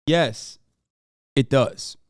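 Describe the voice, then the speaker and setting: A man's voice: very slow, no room sound, clean studio sound. A man streaming and reacting to the news, in casual political commentary that rambles, full of swearing and sarcasm.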